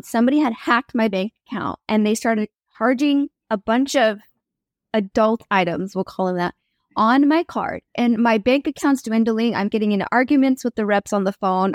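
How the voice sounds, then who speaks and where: Animated woman telling a faith story. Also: a little high, dry recording, clean studio sound. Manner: animated, acts out quoted voices. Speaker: guest. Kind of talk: personal testimony storytelling.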